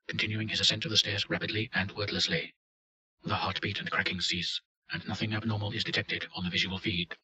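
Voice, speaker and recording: Reading a report as scripted narration, a man delivers it flatly and matter-of-factly. His voice is very low yet forceful and bright, and the audio quality is poor.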